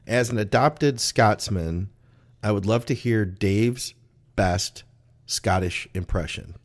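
Low-voiced easygoing podcast host. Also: male voice, slow pace. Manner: easygoing, joking, reads listener questions. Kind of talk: casual podcast chat.

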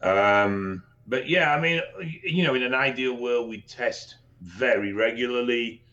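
A man co-hosting a podcast, explaining things in a relaxed, casual way and swearing now and then. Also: mid-range voice, measured pace, dull audio. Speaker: podcast co-host and expert.

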